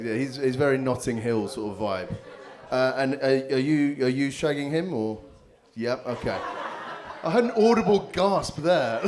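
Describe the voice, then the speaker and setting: A man hosting a live comedy show on a handheld mic, teasing the crowd with crude, cheeky banter. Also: medium pitch. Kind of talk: live stand-up crowd work. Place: live comedy venue with audience. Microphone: handheld stage mic.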